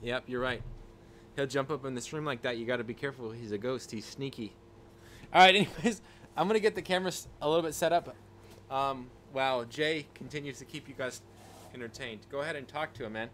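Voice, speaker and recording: A man's voice: medium pitch, brisk, a bit bright, a little hiss or hum. A man hosting a casual livestream from a room at home on a desk microphone, rambling with restarts and thanking viewers by name. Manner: rambling, with many restarts and fillers. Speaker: livestream host. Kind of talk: casual live-stream chat. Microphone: desk microphone with a level meter.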